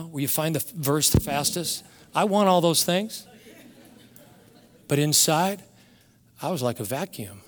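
Pastor preaching in a reverberant hall. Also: male voice, fairly high pitch. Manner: emotional storytelling, swings from loud to hushed. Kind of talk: sermon.

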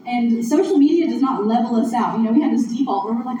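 A woman's voice: a little high, fast, hardly any pauses. A woman giving a conversational, earnest sermon at a church gathering, recorded from a distance in a large hall. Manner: conversational, earnest, laughs along with audience. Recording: distant echoey room mic, muffled, noisy.

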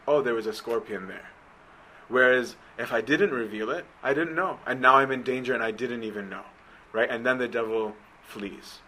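A man teaching a church class in a bright, forceful voice. He moves from reading a text aloud to explaining it in plain everyday talk, often checking in with a quick "right?". When he urges his listeners on, he turns earnest and emphatic, and a faint hiss sits under the voice. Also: mid-range voice, low-quality recording. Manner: reads a passage aloud, then explains it informally with frequent "right?". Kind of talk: conversational religious teaching.

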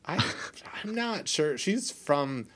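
A man with a fairly high, a bit bright voice and big pitch swings speaks slowly. He co-hosts a podcast from his office, casually chatting in a rambling, playful way and constantly interrupting and restarting himself.

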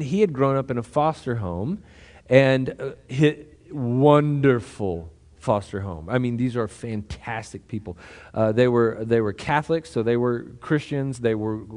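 A man's voice: medium pitch, a little mellow. A man preaching a sermon as a pastor, talking casually and conversationally, with asides and restarts.

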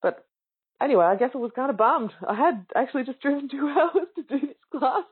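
A woman's voice: high-pitched, expressive, a little fast, slightly rough. A woman telling a casual, enthusiastic story about a yoga class in a chatty way, and she acts out the other people's lines. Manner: chatty and enthusiastic, acting out quoted voices. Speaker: yoga student speaking to yoga teachers. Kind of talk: casual spoken anecdote. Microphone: online call or webinar audio. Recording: narrow phone-like sound.

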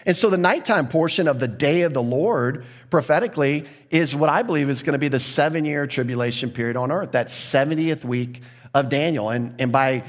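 A man's voice: on the high side, brisk. A man preaching a verse-by-verse sermon in a conversational way, acting out quoted voices. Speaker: pastor. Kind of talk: sermon, verse-by-verse Bible teaching.

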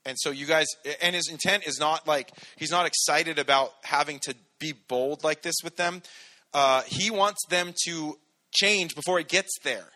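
A man's voice: fairly high pitch, normal speed, bright, forceful tone. A man preaching a casual, conversational sermon, joking and acting out little quotes. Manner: casual, jokey, acts out quotes in voices. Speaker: pastor.

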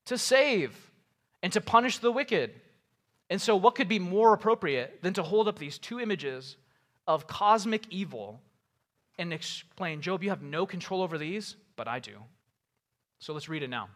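A man preaching a sermon, reading scripture aloud and paraphrasing it in a casual, animated way with rhetorical questions. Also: sits high. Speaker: pastor.

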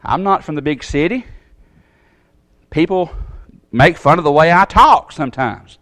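A man preaching a sermon in a Southern American accent, folksy and animated, acting out the voices he quotes. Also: on the high side, unhurried, no room sound. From Southern United States.

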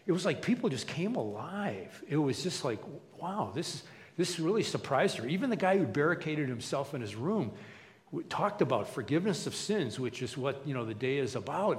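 Guy preaching in church, talks loose and chatty, lots of um and uh, big echoey hall sound. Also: medium pitch. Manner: conversational, many fillers and restarts. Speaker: pastor. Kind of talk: sermon.

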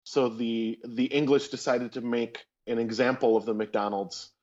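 A man's voice: medium pitch, level tone, moderate pace, a little mellow. A man co-hosting a casual chat and explaining history in detail. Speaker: co-host telling of a trip. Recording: dull lo-fi audio.

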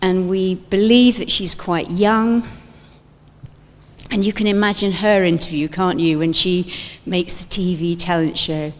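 A woman giving a sermon-like talk at a church event, telling stories in an animated way and acting out scenes. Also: lowish voice, unhurried. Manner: animated storytelling, acts out scenes. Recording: long hall reverb.

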